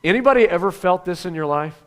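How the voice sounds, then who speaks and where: Brief: a middle-aged pastor, high-pitched, preaching in a chatty style full of rhetorical questions. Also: male voice, fast talker. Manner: conversational, rhetorical questions, swings from animated to hushed. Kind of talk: sermon.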